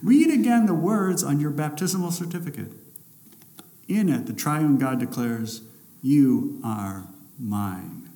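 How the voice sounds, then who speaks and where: A male pastor preaching a sermon, swinging between loud, emphatic lines and hushed, drawn-out ones. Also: on the high side, expressive. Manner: dramatic shifts between loud and hushed delivery.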